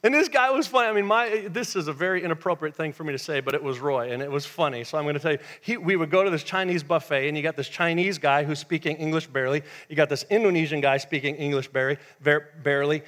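A male pastor preaching a sermon in church, telling a lively story and dropping to a hush for emphasis. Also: a little high, quick pace, few pauses. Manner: animated storytelling, swings from loud to hushed. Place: church sanctuary.

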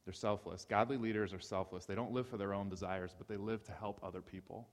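A man's voice: lowish voice, steady tone, fast talker. A man from Ohio giving a sermon-style talk, telling stories with animation and repeating key phrases for emphasis. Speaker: speaker. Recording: reverberant hall.

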